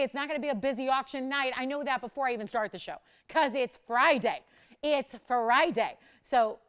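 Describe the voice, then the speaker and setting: A woman hosting a live jewelry shopping auction, chatting casually with viewers and crew and laughing often. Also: clear, resonant tone. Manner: chatty, laughs often, lively swings in pitch and volume.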